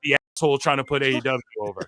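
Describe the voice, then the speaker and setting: A man's voice: medium pitch, racing, bright, forceful tone, no room sound. A man co-hosting a wrestling talk show, ranting in an exasperated, profane way and repeating himself with lots of filler words. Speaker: podcast co-host. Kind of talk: heated wrestling-commentary rant.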